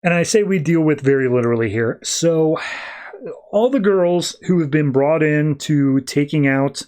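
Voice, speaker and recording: A man's voice: fairly high pitch, normal speed, darkish tone, clean tone. A man hosting a podcast, recapping a comic issue in a rambling, casual way. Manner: rambling, slips into quoted voices. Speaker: podcast host.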